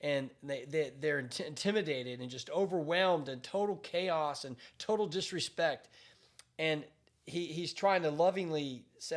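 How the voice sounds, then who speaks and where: Emphatic pastor with a raised voice. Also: male voice, on the high side, moderate pace. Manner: emphatic, repetitive, with frequent restarts. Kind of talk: commentary on current events.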